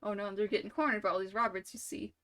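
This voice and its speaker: A woman's voice: medium pitch, fairly even intonation, rapid-fire, a bit bright. A woman streamer telling a silly made-up story during a live game, rambling and playful, full of "like" and "you know".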